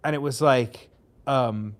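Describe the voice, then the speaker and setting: Man, podcast co-host, casual chat, rambling, swears freely, animated storyteller. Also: medium pitch, slow. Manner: rambling, profane, animated anecdotes.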